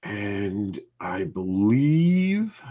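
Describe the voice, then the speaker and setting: A man's voice: on the low side, very animated, extremely slow, mellow. A man hosting a live indie comics news show, chatting casually, stumbling over names and laughing at his own slips. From Ireland.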